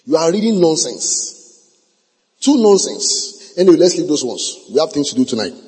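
A man preaching a sermon at a meeting, emphatic, repeating key phrases and drawing words out slowly. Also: a little high, very animated, a little mellow, husky. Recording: long reverb of a large hall.

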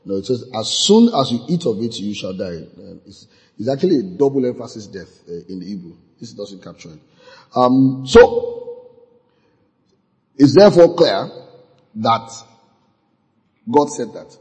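A male preacher teaches from the Bible with a lively, swinging delivery and breaks into laughter often. His voice carries a long, hall-like reverb. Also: mid-range voice, a little slow, pauses often.

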